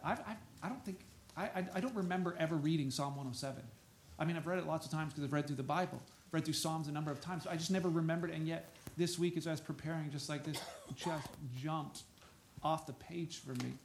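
A man preaching a sermon, reading scripture aloud and breaking into soft asides and loud exclamations. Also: fairly high pitch, fast, slight background noise. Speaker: pastor.

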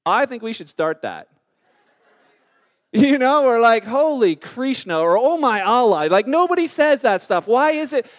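Pastor guy, kinda high voice, a bit sore, chatty sermon with lots of "you know"s. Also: sing-song, a little slow, pauses often. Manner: conversational, storytelling with many fillers. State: slightly sore voice.

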